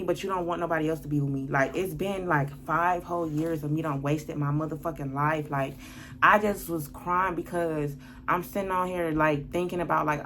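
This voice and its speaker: Worked-up woman venting, low voice. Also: a bit bright, a little hiss or hum. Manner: blunt, profane, venting and worked up. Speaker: vlogger telling a story. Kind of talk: casual storytime monologue.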